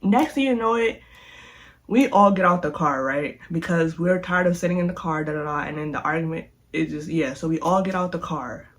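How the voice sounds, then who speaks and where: A young woman vlogger telling a storytime in a chatty, animated way, speaking straight to her viewers. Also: low-pitched, brisk. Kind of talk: casual storytime.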